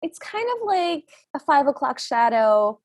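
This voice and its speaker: A high-pitched woman co-hosting a podcast, giggly and chatty as she recaps a film. She breaks into laughter often. The recording is close and dry. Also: very animated, unhurried, a little mellow, dry recording. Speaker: podcast co-host. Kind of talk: casual chat recapping a film.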